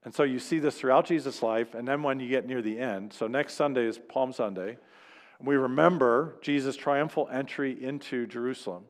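A man's voice: medium pitch, moderate pace, long reverb tail. A man preaching a sermon as pastor in a church, speaking conversationally and acting out quoted lines. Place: church sanctuary.

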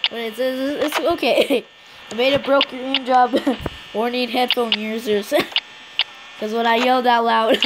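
A woman doing casual gameplay commentary into a close mic, excitable, laughing and coughing often as she talks to the game characters. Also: fairly high pitch, measured pace. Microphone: close personal mic. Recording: loud mains hum, clicks.

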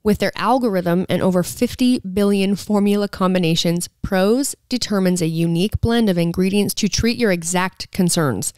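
Smooth-voiced woman podcast host. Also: medium pitch, normal speed, hardly any pauses, a little mellow, no echo, studio quality. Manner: giggly, teasing, blunt. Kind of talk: casual chat and read ad. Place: living room at parents' house.

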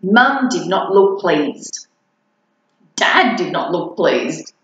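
A woman reading a children's picture book aloud, playful and animated, asking her listeners questions, recorded in an echoey room with dull, lo-fi sound. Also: on the low side, very slow, a little hiss or hum. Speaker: storybook reader.

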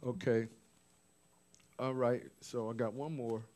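A man's voice: medium pitch, normal speed. A man preaching informally, recounting visions from his notes with restarts and asides. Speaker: apostle preaching. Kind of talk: sermon.

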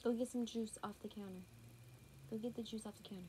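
Her voice sits on the high side with fairly even intonation and a warm tone, and she talks fast. She's a young vlogger from the Southern US with a thick accent, casually going through a clothing haul at home, daughter nearby, drawling and using y'all often. There's a little hiss or hum from the tablet's built-in mic.

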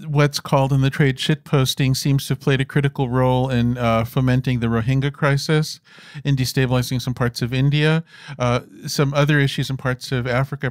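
A man's voice: medium pitch, no echo, studio quality. A man in his fifties, an interview guest telling stories in a rambling way, with many restarts and fillers. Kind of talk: conversational storytelling on stage.

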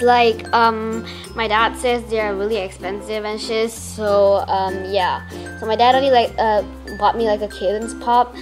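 A teenage girl from Malaysia, gushing excitedly as she unboxes fan mail at home. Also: fairly high pitch, moderate pace, over music. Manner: gushing, excitable fangirling with many "oh my gosh". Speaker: vlogger.

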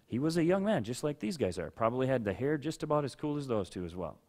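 Male pastor with a somewhat high voice giving a chatty sermon and drawing in listeners by name. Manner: talks to listeners by name, asks for agreement. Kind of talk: conversational sermon.

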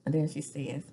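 A woman's voice: low-pitched, gravelly, warm tone, a little hiss or hum. A woman in her forties chatting casually through a reality-TV recap, gossipy, laughing often and dropping into whispers. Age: 40s. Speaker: recap vlogger.

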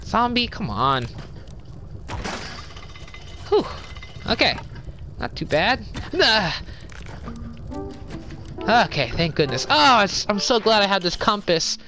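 A woman giving casual let's-play commentary, chatty and apologetic, quick to exclaim at what happens on screen. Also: medium pitch, very animated. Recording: game music behind voice.

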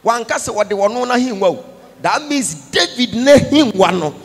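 A prophet giving a call-and-response sermon, moving between English and Twi and breaking into chanted, sung lines and shouts. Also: male voice, very high voice, expressive, moderate pace, breathy edge. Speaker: prophet preaching. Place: large church conference hall.

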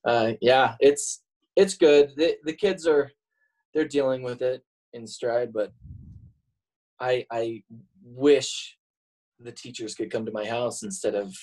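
A man's voice: mid-range voice, slow pace, long pauses, darkish tone, poor audio. Joking, self-mocking man telling stories. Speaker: podcast guest. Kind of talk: casual interview chat.

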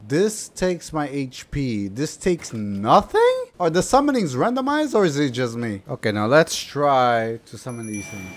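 Excitable man narrating his gameplay. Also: a little high, measured pace. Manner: excitable, exclamatory, talks to enemies on screen. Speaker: gaming YouTuber. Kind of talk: let's play commentary. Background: game music.

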